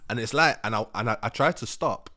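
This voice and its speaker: A man's voice: mid-range voice, fairly quick, pushed and bright. A young man casually telling a funny story, laughing often and acting out his own thoughts.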